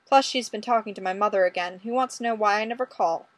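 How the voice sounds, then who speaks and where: Female audiobook narrator, wry and conversational, mid pitch, dry close mic. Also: fast talker, dry recording. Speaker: audiobook reader. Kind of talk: first-person story narration.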